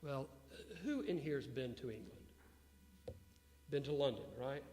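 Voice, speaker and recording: A man being interviewed before an audience, telling business stories in an animated way and putting questions to the crowd. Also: medium pitch, measured pace. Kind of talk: storytelling talk to an audience. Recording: long hall reverb with faint hum.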